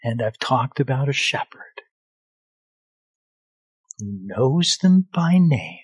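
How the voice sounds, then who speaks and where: Slow, emphatic preaching man. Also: mid-range voice, breathy edge, no echo. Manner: emphatic, slow deliberate preaching with swings in loudness. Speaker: pastor. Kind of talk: sermon.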